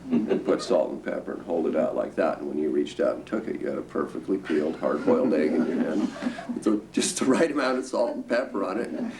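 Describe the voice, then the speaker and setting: A deep-voiced older man from the Northern California coast tells rambling, chuckling stories about the old days. He sounds set back from a distant microphone, with a faint hum of room noise behind him. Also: fairly quick, few pauses. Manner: rambling, lively, with frequent chuckles. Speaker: storyteller guest. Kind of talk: anecdotal storytelling. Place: museum talk event. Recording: distant mic with background noise.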